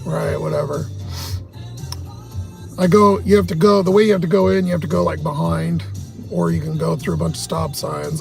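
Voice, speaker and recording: A man's voice: high-pitched, creaky. A man hosting a livestream, telling a long, agitated story full of swearing. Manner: profane, agitated, heavy cursing. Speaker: livestream host. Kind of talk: casual storytelling rant.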